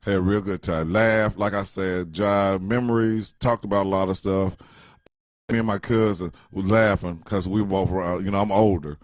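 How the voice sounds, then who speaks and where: A man's voice: deep voice, fairly even intonation, normal speed, no echo, studio quality. A middle-aged man telling a rambling, joking story in casual slang. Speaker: vlogger.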